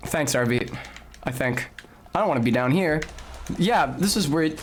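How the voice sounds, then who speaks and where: Brief: young man live-streaming a game, slightly academic-sounding delivery, yelps and curses at the game, voice on the high side. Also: animated, normal speed, long pauses, a little hiss or hum. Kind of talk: casual gameplay commentary.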